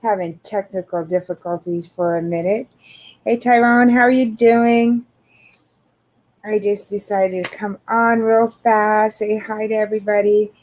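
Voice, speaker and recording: A middle-aged woman hosting a casual livestream, greeting viewers by name in a relaxed, tired, unhurried way. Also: medium pitch. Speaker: livestream host.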